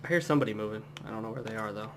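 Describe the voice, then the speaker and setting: A young adult man from the United States giving relaxed, rambling commentary as he plays a game at home. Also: on the low side, racing, creaky, noisy background. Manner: relaxed, rambling, chatty asides. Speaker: gameplay commentator. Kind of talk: casual let's-play commentary.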